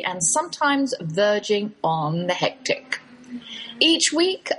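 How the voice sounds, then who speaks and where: An older woman with an English accent, hosting a radio show in a chatty, playful scripted monologue. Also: breathy edge. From England. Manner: chatty, playful, lively pitch swings.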